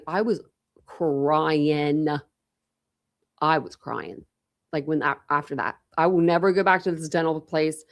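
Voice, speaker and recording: Casting note: young woman, low voice with a gravelly fry, rambling casual live-stream chatter. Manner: chatty, rambling, repeats words and restarts. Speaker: true crime channel host.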